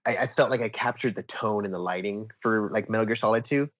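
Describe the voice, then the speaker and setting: A young man telling stories in a casual interview, animated and full of fillers, acting out what people said. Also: on the low side, fast talker, no room sound, clean studio sound. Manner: animated storyteller, acts out quotes, many fillers like "like" and "um". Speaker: podcast guest, toy photographer.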